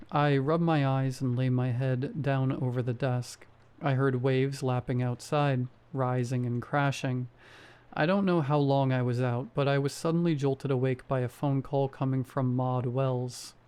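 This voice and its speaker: A man's voice: mid-range voice, unhurried, smooth. Man narrating a horror story. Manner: steady first-person storytelling.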